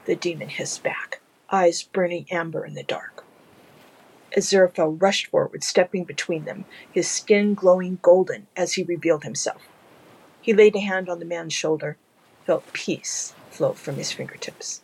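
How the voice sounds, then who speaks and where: A narrator reading a fan audiobook in a measured, low-key storytelling manner. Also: vocal fry, breathy edge, rough recording.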